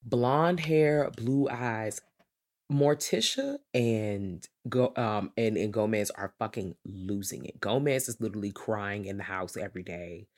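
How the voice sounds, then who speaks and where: A woman co-hosting a podcast in a loud, profane casual chat, acting out quotes from films. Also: extremely low pitch, a little slow. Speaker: podcast co-host.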